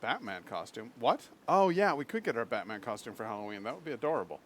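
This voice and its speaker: A man's voice: medium pitch, fast, slight background noise. A man streaming from home, chatting casually with his viewers. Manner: chatty, swings into excited baby talk with his dog. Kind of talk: casual live-stream chat.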